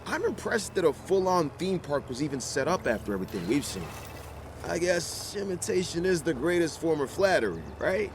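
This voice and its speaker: A man's voice: fairly high pitch, sing-song, normal speed, background noise. An actor playing an easygoing, practical male park technician in a video game.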